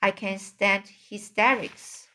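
A woman reading aloud, voicing a calm, wise female spider who speaks sweetly but briskly and firmly, at a slow pace. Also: medium pitch.

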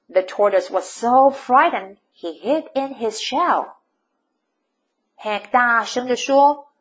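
A woman reads a children's picture book aloud, taking her time over every line. Her voice sits fairly high and swings widely, full of storytelling expression. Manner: slow, expressive, bilingual retelling.

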